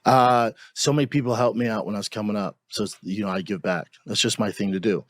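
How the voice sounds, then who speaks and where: A man talking as a podcast guest, joking with a deadpan delivery. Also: fairly low pitch, fast. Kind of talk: casual podcast chat.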